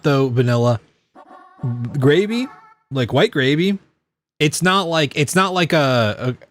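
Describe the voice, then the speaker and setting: A streamer chatting loosely with viewers while playing a game, rambling and often breaking into long fits of laughter. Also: mid-range voice. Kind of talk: casual chat with live stream viewers while gaming.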